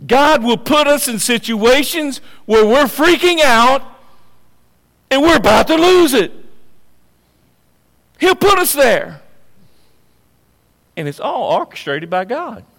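Male preacher, high voice, slow emphatic delivery, long church reverb. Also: sing-song. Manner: dramatic swings from hushed to loud and high. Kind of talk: sermon.

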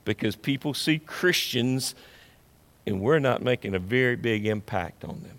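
Guy preaching a sermon, slow and emphatic, big echoey church hall. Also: mid-range voice. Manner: emphatic, repetitive preaching with rising and falling intensity. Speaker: pastor.

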